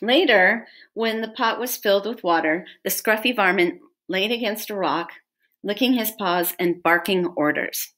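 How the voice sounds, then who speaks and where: A woman reading a storybook aloud to children as a teacher, pausing to ask her listeners questions. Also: mid-range voice, a bit bright.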